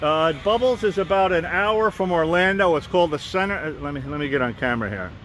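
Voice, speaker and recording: A man's voice: fairly high pitch, animated, fast talker, fairly bright tone, a little hiss or hum. A man live-streaming from a phone outdoors, rambling casually with frequent restarts and asides. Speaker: vlogger and fan group host.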